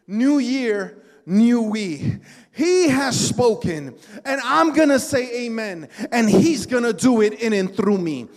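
A man's voice: very high voice, animated, a little slow. A male pastor preaching a sermon in a church, with impassioned, repetitive calls to the congregation. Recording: long hall reverb.

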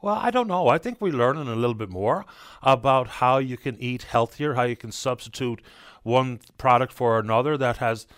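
Call-in radio host, male, from Newfoundland, even explanatory delivery, dry close studio sound. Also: mid-range voice, clear, resonant tone, dry recording. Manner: measured, explanatory.

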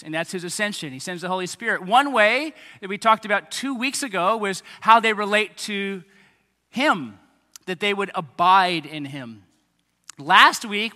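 A man in his thirties, a pastor giving a lively sermon to children and families, with chatty asides to kids and parents. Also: high voice. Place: church hall. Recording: echoey hall reverb.

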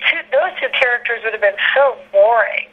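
An actress being interviewed, telling candid stories in a rambling, chatty way, full of fillers and laughter. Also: female voice, on the high side, lively intonation, brisk, slightly rough, phone-quality sound. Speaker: actress guest.

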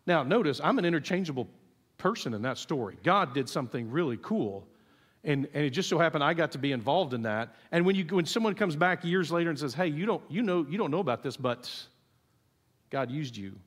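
A middle-aged man preaching a sermon, telling stories in an animated way and acting out the people he quotes. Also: fairly high pitch, fairly quick. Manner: storytelling, animated, acts out quotes. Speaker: pastor. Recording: long reverb of a church hall.

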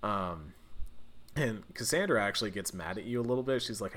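Laid-back low-voiced man chatting. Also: fairly quick. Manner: relaxed, rambling, frequent fillers and restarts. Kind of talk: casual chat recapping a video game.

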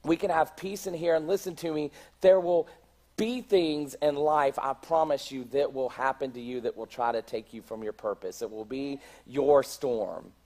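A man's voice: mid-range voice, steady tone, normal speed, a little mellow. A middle-aged man preaching in a church, speaking conversationally, often restarting his words and asking the congregation questions. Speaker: pastor. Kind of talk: sermon.

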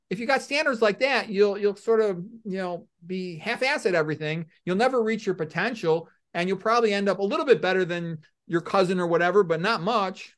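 A middle-aged man, a doctor, giving blunt, animated opinions in an interview and acting out little scenes. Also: high-pitched, brisk, few pauses. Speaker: medical doctor guest.

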